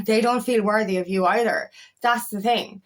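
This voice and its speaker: A woman's voice: mid-range voice, fairly even intonation, moderate pace. A woman in her thirties who is a life coach, talking frankly in a casual motivational monologue, swearing freely and often repeating her words. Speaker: feminine empowerment coach.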